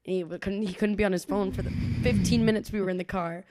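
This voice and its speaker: Fast-talking and medium in pitch, this young woman co-host spins stories in relaxed podcast chat, performing plenty of quoted lines and laughing frequently. There's no echo in the recording.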